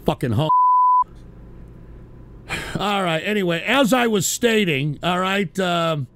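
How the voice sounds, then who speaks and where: A man hosting a radio show, ranting profanely and swinging between exasperated shouting and weary mumbling. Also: high-pitched, lively intonation, slow pace. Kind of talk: profane on-air rant.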